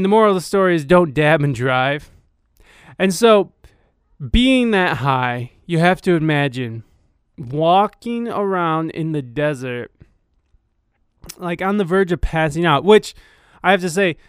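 A man's voice: a little high, clear, resonant tone, dry recording, clean studio sound. A man telling a casual anecdote in a rambling, profane way, full of fillers.

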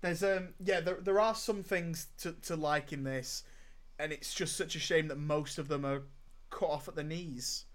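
A man's voice: a little high, normal speed. A man co-hosting a podcast, chatting casually about films in an emphatic, enthusiastic way. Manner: enthusiastic, emphatic, repeats words when starting. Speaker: podcast co-host. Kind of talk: casual film review chat.

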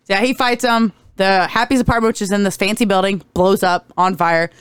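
A woman co-hosting a casual podcast, retelling a movie plot in an animated way and briefly mimicking characters. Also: fairly quick, clean tone, dry recording, studio quality. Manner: animated storyteller, briefly mimics characters with big pitch jumps. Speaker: podcast co-host. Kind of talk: casual chat recapping a movie.

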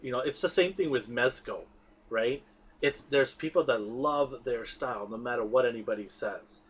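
A man with a husky, slightly rough voice talks in a casual podcast chat. He is emphatic and keeps restarting his sentences, doubling words as he goes. His pitch sits in an ordinary middle range. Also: normal speed. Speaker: podcast co-host.

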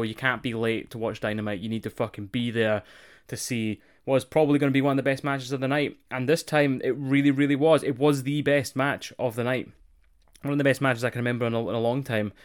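Sweary excitable man, smooth voice. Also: mid-range voice. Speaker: podcast co-host. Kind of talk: casual wrestling review chat.

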